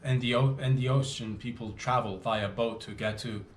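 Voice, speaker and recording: Canadian guy doing a rambly comedy rant, mid pitch, echoey room w/ faint background hum. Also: moderate pace. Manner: animated, rambling, jokey rants with sudden loud bursts. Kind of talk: comedic monologue. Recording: roomy echo, faint background ambience.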